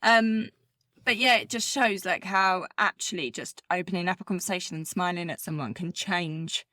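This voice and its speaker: A woman's voice: lowish voice, moderate pace, bright, forceful tone, dry recording, studio quality. A woman co-hosting a podcast in casual chat, telling stories in a chatty, rambling way full of "like". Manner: chatty storyteller, lots of "like". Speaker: podcast co-host. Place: living in Bermuda as an expat.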